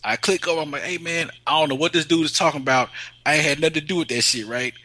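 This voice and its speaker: A man's voice: fairly high pitch, quick pace, pushed and bright, dry recording, low-quality recording. A man co-hosting a casual chat, telling a story in slang with lots of laughter. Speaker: podcast co-host.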